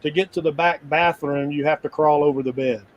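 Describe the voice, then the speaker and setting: A man's voice: fairly high pitch, steady tone, fairly quick, dull audio, slight background noise. A man in a casual live chat, telling travel stories in a rambling, easygoing way with frequent restarts. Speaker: full-time RVer guest.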